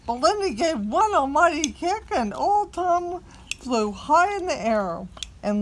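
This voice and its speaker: A woman reading a picture book aloud to a small child, expressive and coaxing the child to join in. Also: high-pitched, slow pace, a little hiss or hum.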